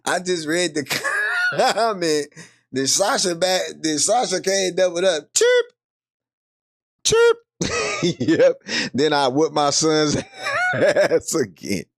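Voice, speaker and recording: A man with a Bay Area accent hosting a live podcast, reacting casually and laughing often. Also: slow. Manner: laughs often, loose and animated, rising to high squeals. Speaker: podcast host reacting to a clip. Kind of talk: casual live-stream commentary.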